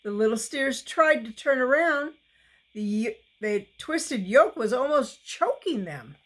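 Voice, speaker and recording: A woman reading a children's novel aloud, slowly and deliberately, with small slips. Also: a little high, lively intonation, low-quality recording. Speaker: reader.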